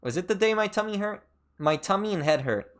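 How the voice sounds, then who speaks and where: Rambling young man streamer, jumpy pitch. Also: animated, brisk, a bit bright. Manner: rambling storytelling full of fillers and restarts; pitch jumps sharply up and down mid-story. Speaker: VTuber streamer. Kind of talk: casual stream chat.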